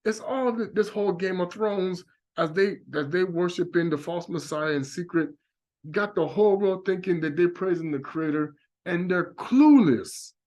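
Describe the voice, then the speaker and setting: Emphatic, fairly high-voiced man preaching. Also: moderate pace, a little mellow. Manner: emphatic, preachy, repeating warnings. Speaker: religious speaker. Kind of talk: impassioned religious monologue.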